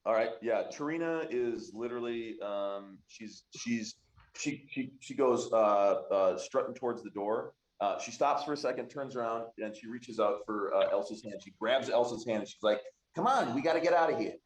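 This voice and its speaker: A man's voice: fairly low pitch, moderate pace. A man narrating a tabletop game as game master in a casual, rambling way. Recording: echoey room.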